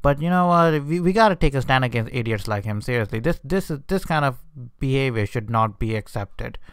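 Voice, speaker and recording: A man's voice: mid-range voice, lively intonation, brisk, smooth, dry recording. A man ranting to his vlog audience in an indignant, unscripted way, often stumbling over his words and restarting. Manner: indignant ranting with frequent hesitations. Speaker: vlogger. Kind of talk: unscripted rant.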